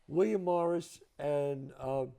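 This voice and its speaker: New York man telling stories, mellow voice. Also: on the high side, takes it slowly, creaky, smooth. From the Bronx, New York. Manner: emphatic, profane, acts out other people's lines. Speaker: guest. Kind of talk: animated storytelling. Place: at a home.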